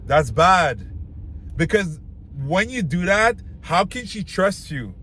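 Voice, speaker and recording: Blunt, casual man with a slightly high voice. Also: sing-song, takes it slowly, a bit bright, slight background noise. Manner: loose and blunt, heavy filler words, talks straight to the viewer. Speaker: dating advice host. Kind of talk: casual advice talk to camera.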